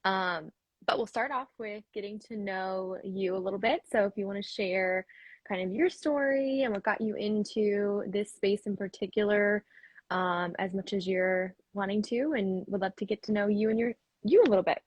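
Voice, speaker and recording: A woman hosts a podcast. She asks her guest loose, rambling questions in a husky voice, and the sound is dry and close. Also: mid-range voice, moderate pace, no room sound, poor audio. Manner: relaxed, rambling question with fillers. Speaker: podcast host. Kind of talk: casual interview.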